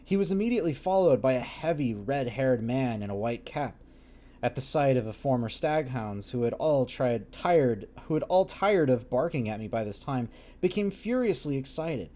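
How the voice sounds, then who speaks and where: A man's voice: medium pitch, lively intonation, normal speed, mellow. A man reading a classic novel aloud on a livestream, stumbling over old wording and breaking off with wry, laughing asides. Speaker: livestream book reader.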